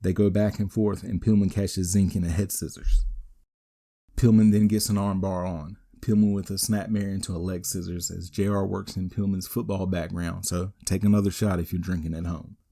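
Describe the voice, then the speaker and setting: A man with a low, mellow voice hosts a wrestling podcast. He recaps the matches move by move in a steady, matter-of-fact way and drops the odd dry aside. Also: normal speed, gravelly. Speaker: podcast host. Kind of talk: recapping a wrestling event play by play.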